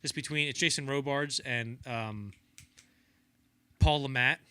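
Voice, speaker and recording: Young guy on a film podcast, bright voice, acts out every quote, dry close mic. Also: medium pitch, unhurried, clean tone, no echo. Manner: animated storyteller acting out quotes in voices. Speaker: podcast co-host. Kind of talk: casual film-history chat.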